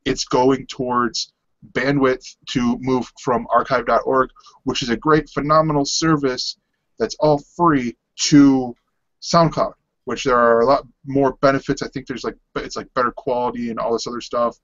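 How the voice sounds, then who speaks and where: A man's voice: mid-range voice, level tone, normal speed, fairly bright tone, dry recording. A man co-hosting a casual podcast, rambling and restarting his sentences, laughing easily. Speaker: podcast co-host. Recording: dull lo-fi dry sound.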